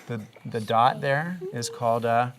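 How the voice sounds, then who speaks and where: A middle-aged woman teaching a reading lesson to young children, patient and encouraging, asking one gentle question after another. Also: a bass voice, a little slow, slight background noise.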